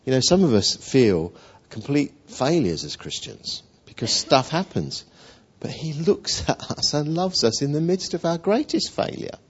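A man preaching a sermon in an animated storytelling way, acting out quotes. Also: fairly high pitch, a little slow, hardly any pauses, slightly rough. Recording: dull lo-fi recording.

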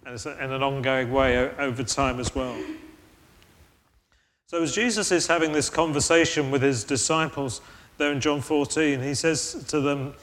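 A man delivers a sermon in a slightly high, earnest voice. He reasons aloud and often restarts his sentences. His words ring out with the long reverb of a large hall. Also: unhurried, pauses often, a bit bright. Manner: earnest, thoughtful, with frequent restarts. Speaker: preacher.

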